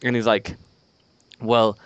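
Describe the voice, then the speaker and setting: A man's voice: mid-range voice, flat delivery, takes it slowly, muffled recording, noisy background. A young man on a podcast, telling a rambling story in casual chat, swearing and acting out the quotes. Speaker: podcast co-host.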